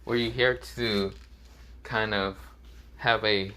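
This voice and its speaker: A man's voice: on the low side, fairly even intonation, slow pace, pushed and bright, slight background noise. A man voicing a smug, scheming immortal male villain who teases and taunts in a casual fan-fiction story. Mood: smug teasing.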